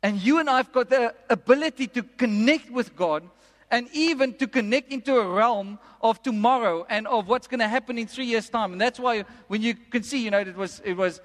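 Male preacher, high tenor, emphatic sermon delivery, church-hall reverb. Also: fairly bright tone. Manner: emphatic, repeats lines slowly for effect. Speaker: pastor. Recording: long reverb of a large hall.

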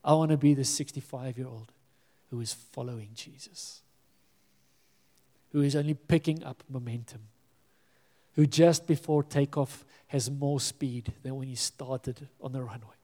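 A man's voice: mid-range voice, fairly even intonation, measured pace, warm tone, long reverb tail. A man preaching a sermon as pastor, earnest and pleading, sometimes dropping to a near-whisper.

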